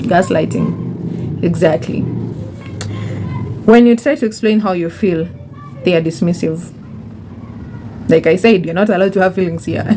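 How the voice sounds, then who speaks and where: Young woman, vlog host, warm mellow tone, chatty and repetitive, mid pitch. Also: a little hiss or hum. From Kenya. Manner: chatty, repeats words for emphasis, calls viewers honey. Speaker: YouTuber. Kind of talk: casual advice monologue.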